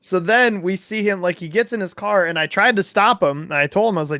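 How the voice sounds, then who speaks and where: A young man in casual podcast chat, laid-back, with quick agreeing remarks. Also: sits high, bright, forceful tone, no room sound, clean studio sound. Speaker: podcast co-host.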